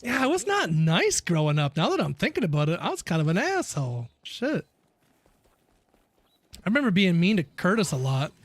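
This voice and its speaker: Man, high voice, casual streamer chat, laughing storyteller, swears freely. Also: huge pitch swings, normal speed, no room sound. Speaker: game streamer.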